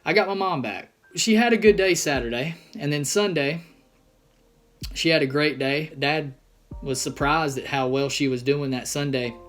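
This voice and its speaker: A young man in a personal vlog, telling a painful family story in an earnest, halting way with many pauses. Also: on the high side, a bit bright. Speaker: vlogger.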